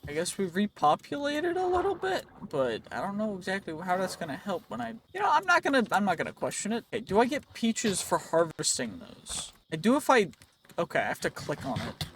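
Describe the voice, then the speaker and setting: Young man, high-pitched voice, casual gameplay commentary, chatty and rambling, slightly worn voice, faint noise behind. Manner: chatty, rambling, jokey self-talk. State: voice a bit worn. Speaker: let's play host.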